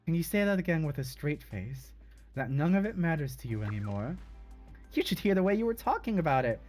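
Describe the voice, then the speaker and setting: A man's voice: fairly high pitch, sing-song, a little fast, a little mellow, faint music behind. A man voicing a perceptive schoolgirl who probes and teases. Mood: probing. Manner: probing, teasing. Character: sharp perceptive schoolgirl, teasing.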